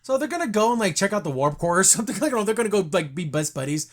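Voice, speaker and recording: A man's voice: high voice, sing-song, very fast. A man hosting a casual review podcast, rambling through a plot recap and often repeating words. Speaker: podcast host.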